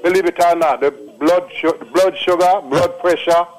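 A man's voice: a little high, fairly even intonation, normal speed, rough recording. A man, calling in to a radio show and telling a long, repetitive story in a casual, rambling way. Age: 60s. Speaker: caller. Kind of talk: casual call-in testimony.

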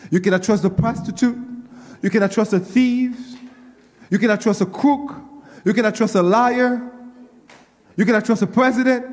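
A male pastor preaches in a high, ringing voice. He repeats his lines, calls out to the congregation and works himself up as he goes. The sound carries the long reverb of a church hall. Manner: call-and-response preaching, repeats phrases, grows excited. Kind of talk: sermon.

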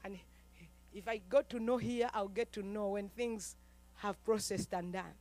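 A woman preacher from Uganda, giving a fervent sermon that swings between quiet talk and shouting. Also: mid-range voice, steady tone, measured pace.

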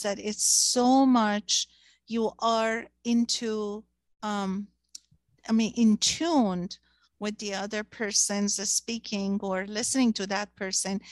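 A woman's voice: mid-range voice, no echo. A woman whose first language is Persian, talking in a casual discussion and searching for words with many fillers.

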